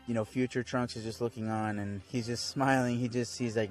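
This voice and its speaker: A young man rambles through a casual episode recap in a lowish voice, laid-back and full of fillers. Faint music sits under him. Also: fairly even intonation, normal speed, a little mellow. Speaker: fan video reviewer.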